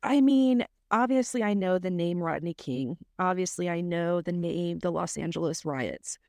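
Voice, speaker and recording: A woman, co-hosting a podcast with chatty, quick reactions. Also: fairly low pitch, vocal fry, a little mellow, no echo, clean studio sound. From South Mississippi. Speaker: podcast co-host. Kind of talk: casual podcast chat.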